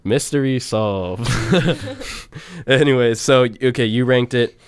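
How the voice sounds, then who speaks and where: A man's voice: mid-range voice, slow pace, clear, resonant tone, no echo, clean studio sound. A young man co-hosting a casual college radio show, rambling through stats and song intros with frequent fillers and laughs.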